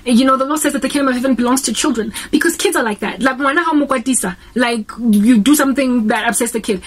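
A woman's voice: sits high, quick pace, hardly any pauses, slightly rough. A young South African woman with a South African accent, preaching earnestly in a casual vlog and switching between English and Sesotho as she talks. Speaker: Christian vlogger.

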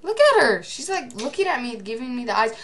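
A teenage girl giving excitable gameplay commentary, often shouting at the game. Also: on the high side, brisk, a little hiss or hum.

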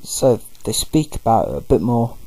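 A man's voice: medium pitch, very animated, moderate pace, mellow, slightly rough, poor audio. A man giving loose, rambling commentary over a video game playthrough. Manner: rambling, loose, full of fillers. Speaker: gaming video host. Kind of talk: casual let's-play commentary.

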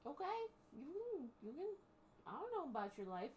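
A woman's voice: sits high, sing-song, moderate pace, a little mellow, highs cut off, a little hiss or hum. A woman running a tabletop game as game master, chatting casually with many ums and restarts.

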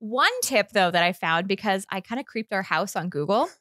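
Bright, excitable woman. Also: mid-range voice, no room sound, studio quality. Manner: excitable, chatty, quick laughs and restarts. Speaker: co-host. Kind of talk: casual podcast chat.

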